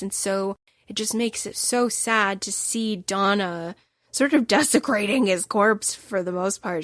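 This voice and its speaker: A woman's voice: medium pitch, no echo, clean studio sound. A woman hosting a solo book podcast, telling the story with emotional, emphatic bursts. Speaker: podcast host.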